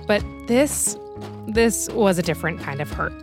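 A woman hosting a podcast, telling a true story in scripted documentary narration with a measured storytelling manner. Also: mid-range voice, expressive, music in the background.

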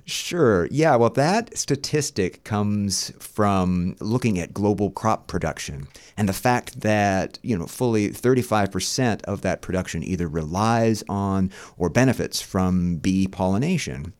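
A man being interviewed on a radio show as a guest biologist and author, explaining things in a measured way with a few fillers. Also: fairly low pitch, animated, darkish tone.

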